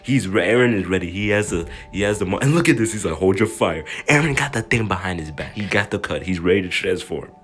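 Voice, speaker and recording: A young man with a fairly low voice rattles off excited, slang-heavy anime commentary. His pitch swings widely as he jokes around and bursts into sudden yells. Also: quick pace, few pauses, soft background music. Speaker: anime youtuber.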